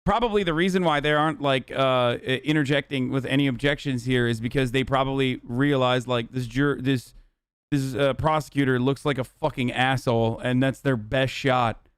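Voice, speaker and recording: Smooth-voiced man reacting casually, swearing. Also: medium pitch, fairly even intonation, normal speed, no room sound, clean studio sound. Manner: blunt, swears often, says "dude". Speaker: streamer.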